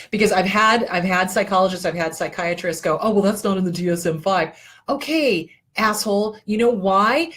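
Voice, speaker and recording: A middle-aged woman with a husky voice hosts her own weekly show as a therapist. She talks bluntly and passionately, swears freely and wanders from point to point. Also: medium pitch, a bit bright. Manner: blunt, profane, passionate, rambling. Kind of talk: solo livestream talk.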